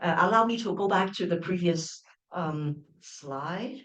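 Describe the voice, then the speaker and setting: This middle-aged professor's voice is lowish and fairly bright, at a measured pace, recorded from a distance in an echoey lecture room. Giving an open-day lecture, she restarts phrases often and checks in with listeners using "right?" and "all right?".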